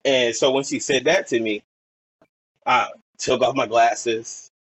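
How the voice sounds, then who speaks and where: A man's voice: medium pitch, steady tone, slow pace, a bit bright, breathy edge, no room sound, rough recording. A young man from Portland, Oregon, a podcast guest telling stories in a rambling way, full of fillers and acted-out quotes. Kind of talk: casual storytelling chat.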